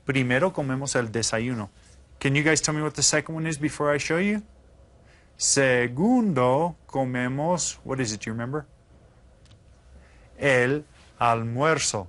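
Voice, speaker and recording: A man teaches a recorded lesson in an even, mid-pitched voice. He sounds out words syllable by syllable and keeps checking in with encouraging questions. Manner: patient, slow enunciation of words; encouraging, asks students questions. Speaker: Spanish teacher.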